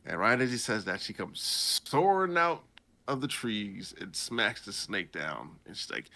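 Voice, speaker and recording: A man hosting a podcast, retelling a story in a casual, animated and jokey way. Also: mid-range voice, normal speed. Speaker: podcast host.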